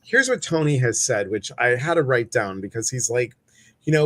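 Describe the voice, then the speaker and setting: A man's voice: medium pitch, expressive, moderate pace, fairly bright tone. A man hosting a live stream, chatting casually, greeting viewers and reading their comments, with many fillers. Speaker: host.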